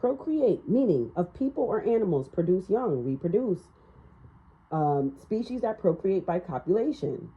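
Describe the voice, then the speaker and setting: A woman's voice: lowish voice, sing-song, moderate pace, narrow, tinny audio. A woman giving a casual spiritual tarot reading in a blunt, ranting manner, swearing freely. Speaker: tarot reader.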